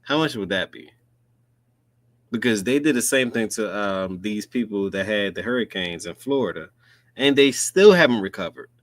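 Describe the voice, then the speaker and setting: A man with a lowish voice hosts his commentary show, earnest and rambling, doubling back to repeat himself. The sound is dry and close, with no room around it. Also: animated, normal speed, no room sound. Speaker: host. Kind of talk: casual commentary.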